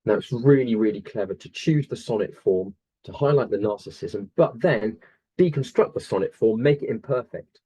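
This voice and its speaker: A man's voice: on the low side, moderate pace, mellow, breathy edge, poor audio. A man teaching an online poetry revision lesson over a video call, enthusiastic and explaining step by step with many fillers. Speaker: English teacher.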